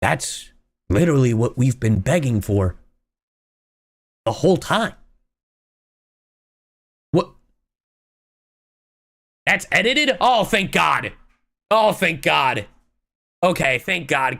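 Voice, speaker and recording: A young woman ranting on her live stream, exasperated and full of profanity. Her pitch leaps all over the place, from low mutters to high yelps. She keeps breaking off to answer her chat and thank her subscribers. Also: big pitch swings, fairly bright tone. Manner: exasperated, swearing, rapid-fire ranting.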